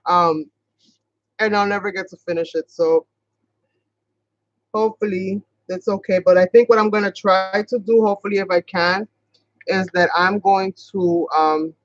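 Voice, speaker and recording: A woman's voice: mid-range voice, dry recording, muffled recording. Chatty woman with a Boston-sounding accent. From New York. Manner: chatty, rambling, talks fast at times. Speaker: craft channel host. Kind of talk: casual craft tutorial livestream.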